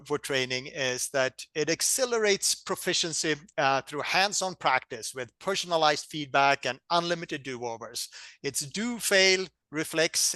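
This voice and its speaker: A man with a Swedish accent giving a relaxed, conversational webinar presentation over a video call, pausing often. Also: a little high, no room sound. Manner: relaxed, joking, hesitant with many pauses.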